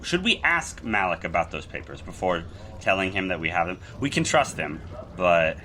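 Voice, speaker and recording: Deep, bright-toned hesitant player man. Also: very animated, normal speed, a little hiss or hum. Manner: hesitant, casual, in-character asides. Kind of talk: playing a tabletop game.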